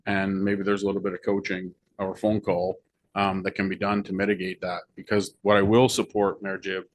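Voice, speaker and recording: At a council meeting, a man speaking as fire chief explains matters in a measured way, using frequent fillers. His voice is fairly low in pitch.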